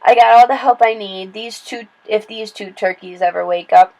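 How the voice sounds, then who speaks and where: A woman's voice: medium pitch, moderate pace, darkish tone, highs cut off, close to an everyday voice. A woman reading aloud voices a tough, easygoing adult woman bartender in a breezy, dismissive way.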